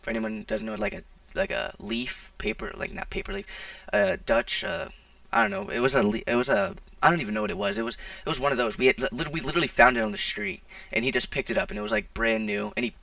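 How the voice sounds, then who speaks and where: A man's voice: high voice, big pitch swings, fast talker, vocal fry, bright, forceful tone, no echo. A teenage boy telling a casual storytime, rambling with lots of "like" and restarts, recorded on a poor mic. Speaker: vlogger. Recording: distant, dry, poor-quality mic.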